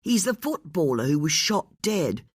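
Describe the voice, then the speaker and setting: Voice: medium pitch, sing-song, a little slow, breathy edge, no room sound, studio quality, pitched above the performer's own voice. The audiobook narrator voicing a blunt woman who presses hard with her questions.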